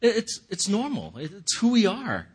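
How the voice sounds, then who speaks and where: A man's voice: high voice, huge pitch swings, normal speed, husky. A man giving a casual, conversational sermon, often chuckling and restarting his sentences. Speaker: pastor.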